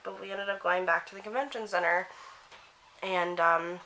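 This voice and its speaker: A teenage girl from Canada telling a get-ready-with-me story, animated and swearing while acting out what her friends said. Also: on the low side, normal speed, a little hiss or hum. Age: teens. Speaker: vlogger.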